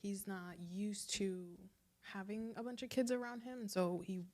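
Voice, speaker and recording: Woman podcast cohost, casual chat, acts out the quotes as she tells a story, mid pitch. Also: normal speed. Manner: animated storytelling, acting out quoted voices. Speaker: podcast co-host.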